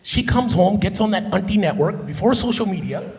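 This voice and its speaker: A man from Canada, a stand-up comedian on a theater stage, telling loud, profane family stories and keeping the crowd with him with "right?". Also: high voice, lively intonation, fairly quick. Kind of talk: stand-up storytelling.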